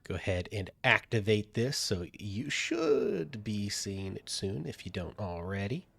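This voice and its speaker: A man running a tabletop game as game master, talking in a halting way with many fillers as he narrates scenes to his players. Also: fairly low pitch, sing-song, vocal fry, a bit bright, husky. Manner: halting, many fillers while reading out descriptions.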